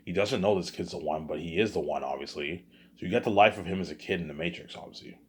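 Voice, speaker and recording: A male vlogger with a very low, husky, rough voice rambles quickly through a casual monologue, repeating words and restarting sentences along the way.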